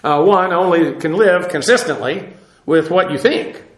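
A man delivering a sermon as a Bible teacher, measured and explanatory, pausing often on filler sounds. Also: on the high side, roomy sound.

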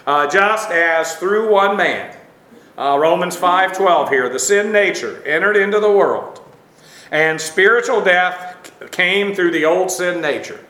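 A man teaching a Bible lesson, halting often with fillers and dry asides. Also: high-pitched, pushed and bright, reverberant.

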